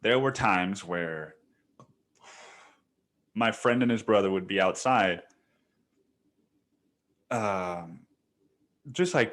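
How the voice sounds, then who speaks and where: A man's voice: low-pitched, a bit bright. A young man hosting a solo podcast, telling a story in a rambling, profane way with many restarts and fillers. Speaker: podcast host. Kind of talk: casual solo podcast monologue.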